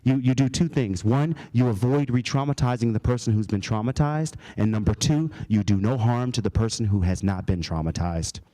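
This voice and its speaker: A man's voice: mid-range voice, brisk, hardly any pauses, warm tone. Guy doing a keynote talk at a conference, tells stories, chuckles at his own lines. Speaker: keynote speaker. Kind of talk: storytelling keynote speech. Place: conference hall.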